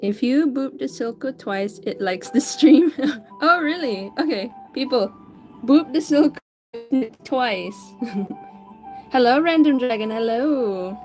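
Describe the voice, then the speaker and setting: Chatty high-voiced woman streaming her drawing. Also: lively intonation, slow pace, a little mellow, soft background music. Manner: chatty, greets viewers by name; stumbles and corrects herself often. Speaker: livestreaming artist. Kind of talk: casual chat while drawing.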